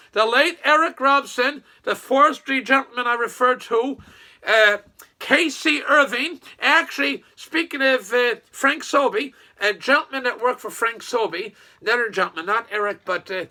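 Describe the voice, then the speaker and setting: A man's voice: very high-pitched, bright, forceful tone. An older man from Nova Scotia, a retired businessman, rambling in a folksy monologue full of restarts and quoted asides.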